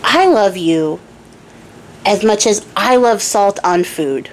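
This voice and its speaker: A woman voicing a gentle, sincere young princess in a fairy tale she is telling. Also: medium pitch, lively intonation, takes it slowly, slight background noise, poor audio. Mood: earnest.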